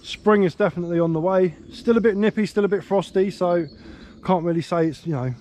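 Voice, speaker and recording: An English man strolls through woodland, chatting to his handheld camera in an easygoing, rambling way. His voice is mellow and sits a little high, with a slight slur from a missing tooth. Faint outdoor noise and birdsong run behind him. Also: a little fast. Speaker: vlogger. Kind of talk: casual outdoor vlog.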